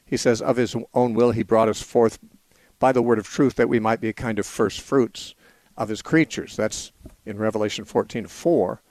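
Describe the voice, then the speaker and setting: A man hosting a call-in radio show, answering questions about the Bible in a measured, explanatory way, thinking aloud with small restarts. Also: on the low side, steady tone, darkish tone, no room sound. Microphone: studio mic.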